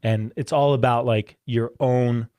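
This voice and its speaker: A man co-hosts a casual Christian talk show, mid-pitched, joking lightly and restating ideas in simple, repeated phrases. The sound is dry and close. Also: steady tone, a little slow, dark tone, no room sound. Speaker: co-host.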